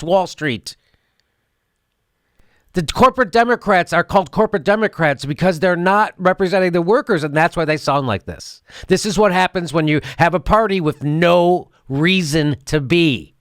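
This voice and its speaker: A man's voice: sits high, a bit bright, clear, resonant tone, no room sound, clean studio sound. A man hosting a political commentary show, ranting sarcastically and laughing as he mocks what he plays. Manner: sarcastic, mocking, laughs often.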